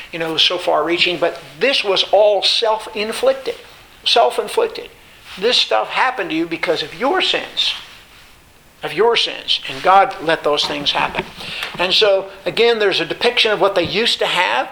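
A male Bible teacher gives a study lecture in a fairly high voice. His tone is bright and forceful. He repeats phrases for emphasis and stops often on filler sounds, with faint noise behind him. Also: rough recording.

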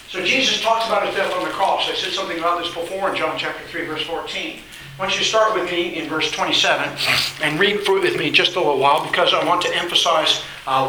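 A man's voice: on the high side, bright, forceful tone, far from the mic, slight background noise. A man preaching a sermon, emphatic and repetitive, reading scripture aloud in a church hall. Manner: emphatic, repeats phrases, reads scripture aloud. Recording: very echoey room, voice off-mic.

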